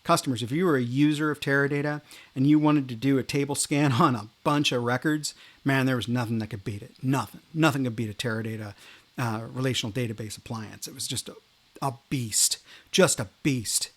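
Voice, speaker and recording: A middle-aged man hosting a podcast, rambling through animated career anecdotes in a casual monologue. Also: medium pitch, fast talker. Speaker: podcast host.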